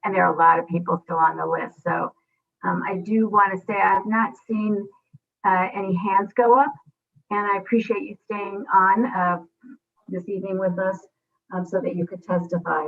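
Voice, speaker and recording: A woman's voice: medium pitch, gravelly, distant mic. A woman chairing a public hearing, politely but firmly keeping speakers to time. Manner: polite, firm, procedural. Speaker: committee chair. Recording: tinny phone-like line.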